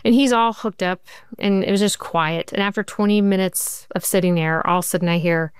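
A woman, a TV writer, answering interview questions in an animated storytelling way, acting out quoted dialogue and saying "like" a lot. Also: mid-range voice, a little fast, clear, resonant tone, no room sound, clean studio sound. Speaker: TV writer and showrunner guest.

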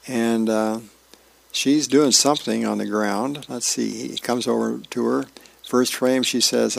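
A man's voice: mid-range voice, vocal fry, no room sound. A man volunteering as a reader on a radio reading service, reading comics and birthdays aloud in a folksy way with small slips and self-corrections.

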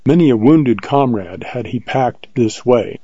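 A man reading an audiobook in scripted narration, calm and even. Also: mid-range voice, a little slow, breathy edge, no echo, muffled recording.

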